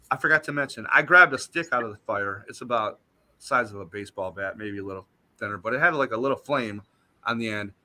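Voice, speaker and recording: A man, a guest on a talk show, telling a story in an animated, emphatic way. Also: medium pitch. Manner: animated, emphatic retelling that acts out what he said.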